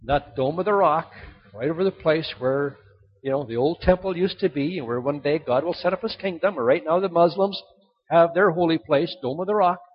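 An older man preaching a sermon, telling stories dramatically with sudden swings between loud and soft. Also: fairly high pitch, moderate pace, husky. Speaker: pastor. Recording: dull lo-fi sound.

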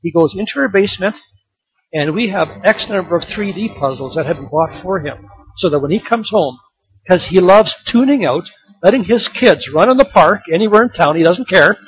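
A man's voice: high-pitched, expressive, moderate pace, dull audio, faint music behind. A man in his sixties preaching a sermon, firing rhetorical questions and building to emphatic peaks. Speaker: pastor.

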